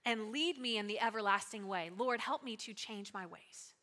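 A woman pastor giving a lively, conversational sermon, calling out to her congregation. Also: medium pitch, moderate pace. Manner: lively, conversational preaching with audience call-outs. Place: church sanctuary. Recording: long hall reverb.

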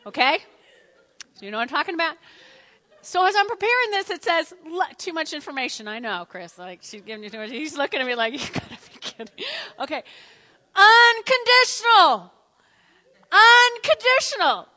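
A woman preaching a sermon in a church, animated and repetitive, calling on the congregation to respond. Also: high-pitched, quick pace, big-room sound. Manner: animated, repeats phrases, asks the congregation to respond. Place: church sanctuary.

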